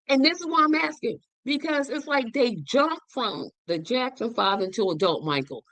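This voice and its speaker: Lively, emphatic woman giving a casual movie review. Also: on the high side, no echo. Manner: animated, emphatic, repeats words for effect. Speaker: show host.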